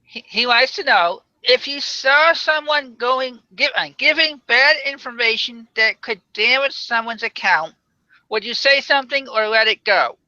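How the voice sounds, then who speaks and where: A woman hosting a live show, briskly reading viewer questions to a guest. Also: fairly high pitch, bright, forceful tone, dry recording. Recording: dull, dry lo-fi audio.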